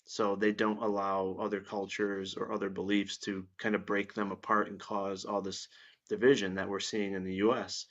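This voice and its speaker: Low-voiced blunt man, lo-fi sound. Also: flat delivery, normal speed, a bit bright. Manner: blunt, opinionated, profane. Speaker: guest. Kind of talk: casual podcast chat. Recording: dull lo-fi sound.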